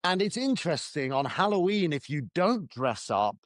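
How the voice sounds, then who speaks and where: A man co-hosting an English-learning podcast, joking quickly and stopping to explain vocabulary. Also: fairly high pitch, very animated, no room sound, studio quality. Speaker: podcast co-host and English teacher. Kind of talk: casual chat.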